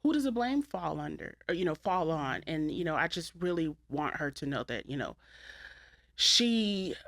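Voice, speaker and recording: A young woman hosting a podcast, speaking with a bright, forceful tone. She talks candidly and tells stories with animated energy. Her language is blunt and salty. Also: low voice, normal speed. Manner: candid, animated storytelling with profanity. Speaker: podcast host. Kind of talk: casual chat.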